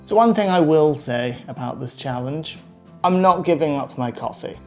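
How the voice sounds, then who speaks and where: A man talking casually to camera in a vlog, thinking out loud in a chatty, easygoing way. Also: a little high, lively intonation, moderate pace, soft background music. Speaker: vlogger.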